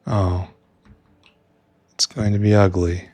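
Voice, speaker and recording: A gameplay streamer with a low voice talks slowly in casual let's-play commentary. He rambles with wry remarks while playing a video game, often talking to himself and trailing off into mutters.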